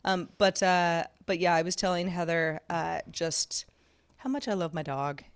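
Woman, podcast co-host, casual chat, slightly low voice, dry close sound, chatty and animated. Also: unhurried, clean tone, no echo. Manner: chatty, animated, laughs easily. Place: home garage studio.

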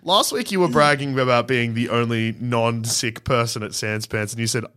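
A man's voice: mid-range voice, moderate pace, bright, forceful tone, clear, resonant tone. A man co-hosting a podcast, teasing his friends and joking in casual chat. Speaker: podcast co-host.

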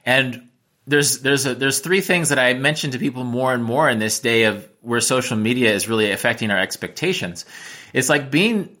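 A man's voice: medium pitch, moderate pace, bright, forceful tone. An American man, a travel writer and teacher, giving reflective interview answers with frequent restarts. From United States.

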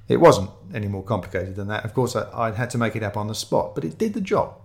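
A man's voice: fairly low pitch, lively intonation, fast talker, creaky, few pauses. A man reading a first-person mystery story aloud, descriptive and wry in his storytelling. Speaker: narrator.

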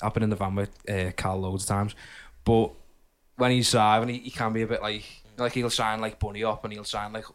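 A man's voice: on the low side, a little fast. A man, co-hosting a podcast and telling a story through casual, laughing banter with friends. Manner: animated storytelling with lots of laughing and impressions. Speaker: podcast co-host.

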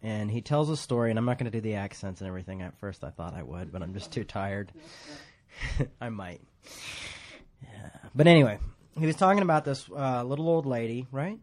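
A man's voice: medium pitch, expressive, fairly quick, a little mellow. A man preaching a casual, rambling sermon in a church, joking at his own expense and laughing often. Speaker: pastor.

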